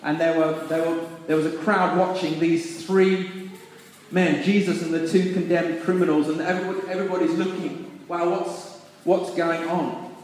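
A man preaching a sermon, reading scripture and then reflecting on it with restarts and pauses. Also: fairly high pitch, little pitch movement, darkish tone, slight background noise. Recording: echoey hall reverb.

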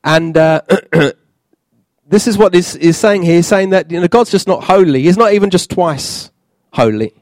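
A man preaching a sermon in a church, halting, with many fillers and restarts. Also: high voice, expressive, a little mellow, dry recording.

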